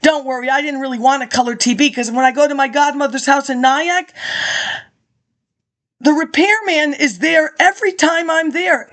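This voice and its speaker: High-voiced woman reading aloud, rambling asides. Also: fairly bright tone. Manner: rambling, chatty asides, frequent laughs and throat clearing. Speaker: reader of archive documents. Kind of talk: reading a speech aloud with offhand commentary.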